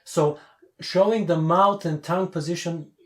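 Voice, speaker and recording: A man's voice: fairly high pitch, steady tone, unhurried, a bit bright. Blunt, emphatic non-native English man. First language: not English. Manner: blunt, emphatic, repeats key points. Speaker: host and English coach. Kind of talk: casual video call chat.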